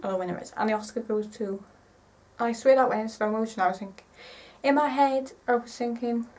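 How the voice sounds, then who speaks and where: A woman in her twenties chatting casually to camera in a rambling, excitable way, often correcting herself. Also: fairly high pitch, fairly quick, distant mic, rough recording. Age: 20s. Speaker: vlogger.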